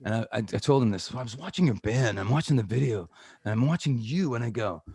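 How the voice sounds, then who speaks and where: A middle-aged Canadian man with a Canadian accent, chatting casually as a guest and telling animated stories that act out the voices of people he quotes. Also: medium pitch, fast, breathy edge, no echo, studio quality. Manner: animated storyteller who acts out quoted voices. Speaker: guest guitarist. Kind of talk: casual chat.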